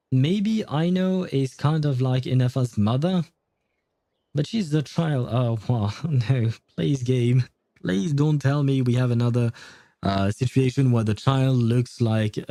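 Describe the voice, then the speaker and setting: Rambling streamer, dark dry voice. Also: male voice, medium pitch, no room sound. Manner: rambling, self-correcting, chuckling. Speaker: game streamer. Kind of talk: casual chat while playing.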